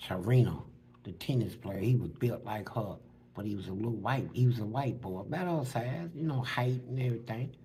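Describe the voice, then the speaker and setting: Gravelly man telling prison stories. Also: fairly low pitch, fairly quick, slight background noise. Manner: animated, acts out other people's lines; street slang. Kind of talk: casual storytelling.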